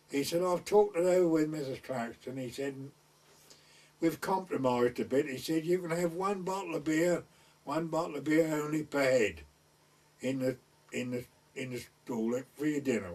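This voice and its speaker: A man's voice: medium pitch, darkish tone, far from the mic. An older man with a North Essex and West Suffolk border accent, telling village stories in a rambling oral-history way and voicing the people he quotes. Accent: North Essex / West Suffolk border dialect. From East Anglia, England. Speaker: village storyteller. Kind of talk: recorded oral-history storytelling.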